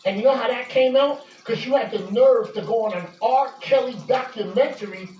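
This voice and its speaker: Woman, high-pitched, heated accusing rant, roomy echo, distant mic. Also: normal speed, muffled recording, slight background noise. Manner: heated, accusing, repeats insults, sometimes shouts. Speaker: vlogger addressing a public figure. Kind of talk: angry direct-to-camera rant. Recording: echoey room, distant mic.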